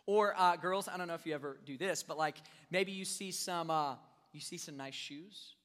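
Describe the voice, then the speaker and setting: Animated young preacher, bright high voice. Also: male voice, moderate pace. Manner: animated, joking with the crowd, acting out scenes. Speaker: youth pastor. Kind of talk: sermon. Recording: long reverb of a large hall.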